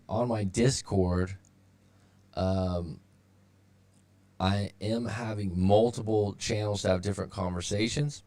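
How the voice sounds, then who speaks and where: Gravelly-voiced man coaching on a live stream. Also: fairly low pitch, steady tone, unhurried, warm tone. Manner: rambling, with many fillers and restarts. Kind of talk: casual live-stream advice talk. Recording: sounds robotic at times.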